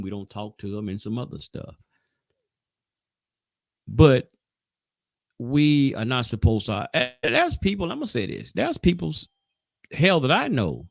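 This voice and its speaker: A man with a gravelly, medium-pitched voice leads an informal Sabbath Bible class, talking loosely, pressing hard on key points, and stumbling through frequent restarts. The studio-quality recording has no echo.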